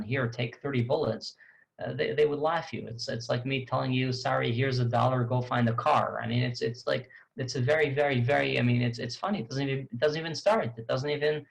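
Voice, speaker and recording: A man with a gravelly, creaky voice at an ordinary middle pitch tells a story as a tour guide. His talk is halting, full of restarts and repeated words, but it stays lively and conversational. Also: poor audio. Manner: conversational, animated retelling.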